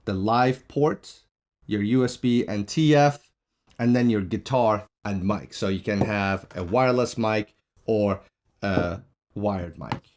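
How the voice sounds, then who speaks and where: A man with a somewhat low voice talks through a product demo. He explains each button and port in a plain, matter-of-fact way, recorded on a shotgun mic. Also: takes it slowly, darkish tone. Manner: plain explanatory, pointing out features one by one. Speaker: product reviewer. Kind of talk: casual product demo walkthrough. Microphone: shotgun mic on a stand.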